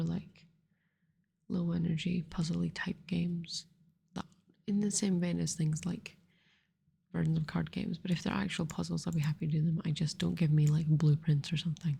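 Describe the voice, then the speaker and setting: A woman host giving soft-spoken ASMR commentary over a card game, rambling to herself in a whisper close to the microphone. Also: lowish voice, gravelly, husky. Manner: softly whispered, rambling self-talk. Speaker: ASMR gaming channel host.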